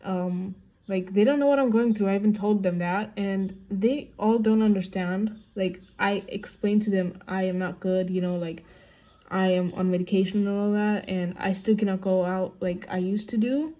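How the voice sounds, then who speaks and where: A young woman vents at home in a casual get-ready-with-me vlog, rambling with plenty of fillers like "like" and "you know." She's upset, and her voice is medium-pitched, steady, and dark in tone, at a normal speed.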